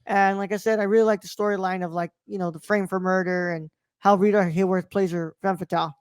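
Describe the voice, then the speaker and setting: Talking fast in a slightly mellow, medium-pitched voice with fairly even intonation, this podcast co-host chats casually about a movie. Her delivery is loose and peppered with fillers and occasional swearing, and the studio sound is clean with no echo.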